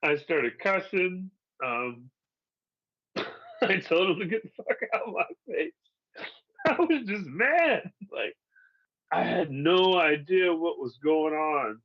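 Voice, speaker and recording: A man's voice: a little high, sing-song, slow pace, long pauses, muffled recording. A man in his forties from Seattle, candidly telling his own survival story in casual, profane storytelling, laughing through the hard parts. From Seattle, United States. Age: 40s.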